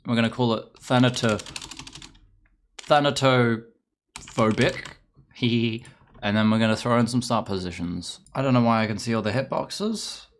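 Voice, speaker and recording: Ranting, foul-mouthed English streamer. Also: male voice, mid-range voice, normal speed, a little hiss or hum. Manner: profane, rambling and ranting. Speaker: game streamer. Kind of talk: casual live-stream chatter.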